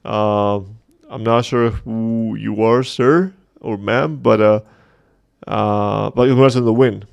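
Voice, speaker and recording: Gravelly-voiced man chatting on a livestream. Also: on the low side, fairly even intonation, slow, a little mellow, dull audio. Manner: chatty, joking, reading chat aloud. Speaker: host of a community livestream. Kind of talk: casual livestream chat.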